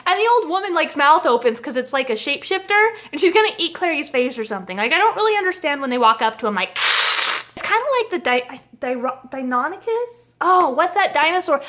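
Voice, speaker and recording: A young woman with a high, bright voice recaps a TV episode. She talks casually and sarcastically. She often breaks into laughter mid-sentence. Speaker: TV episode reviewer.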